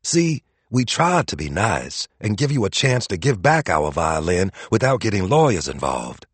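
A man's voice: fairly low pitch, big pitch swings, moderate pace, husky, no room sound, heavily acted. A man voicing a smug, entitled man who taunts his rival.

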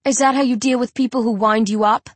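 A woman's voice: fairly high pitch, a little slow, no echo. A woman voicing a brash, provoking teenage school bully who jeers and taunts. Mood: jeering. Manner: jeering, provoking.

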